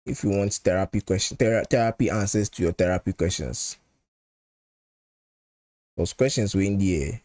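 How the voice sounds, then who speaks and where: A man's voice: low voice, moderate pace, long pauses, mellow. Chatty Nigerian man hosting a match watchalong. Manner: chatty, repeats phrases, mixes pidgin and English. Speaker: football channel host. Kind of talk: live match watchalong chat.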